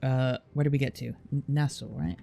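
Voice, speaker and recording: Amid slight background noise, a man with a Southwest England southern accent casually chats with his live chat, filling his thinking aloud with fillers. His medium-pitched, warm voice has vocal fry and runs a little fast.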